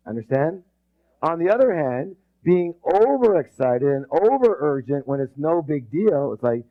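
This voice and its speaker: Captured in dull lo-fi audio, a man teaching a live leadership seminar uses call-and-response drills and keeps restarting his sentences as he rambles. His voice is on the high side, expressive and measured in pace.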